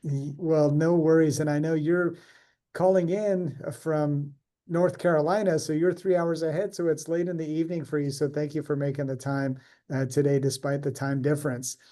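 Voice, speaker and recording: A man's voice: on the high side, level tone, moderate pace, warm tone. Upbeat man hosting a panel. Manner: upbeat, encouraging. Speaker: host. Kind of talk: moderating a panel discussion.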